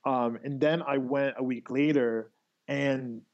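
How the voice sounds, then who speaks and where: A man's voice: medium pitch, slow pace. Rambling man with a dull, lo-fi sound. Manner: rambling, filler-heavy, animated storytelling. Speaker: guest, artist. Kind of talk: casual conversation.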